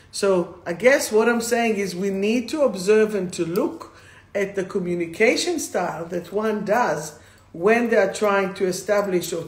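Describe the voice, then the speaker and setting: Chatty woman live-streaming in an echoey room. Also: lowish voice. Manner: rambling, greets viewers by name mid-sentence. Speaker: spiritual coach hosting a live stream. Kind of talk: casual live-stream talk. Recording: roomy echo.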